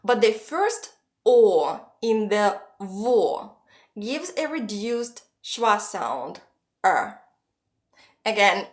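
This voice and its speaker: A woman gives a scripted online pronunciation lesson. Her voice sits a little high, and she speaks slowly and carefully as she models each long word. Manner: slow, careful modeling of Russian words. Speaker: Russian pronunciation teacher.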